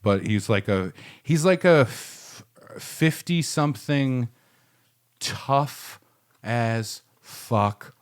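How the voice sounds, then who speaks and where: A man's voice: mid-range voice, animated, extremely slow, clean tone. A young man casually telling a long story on a studio podcast, rambling with fillers and swearing freely. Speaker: podcast co-host. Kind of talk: casual chat.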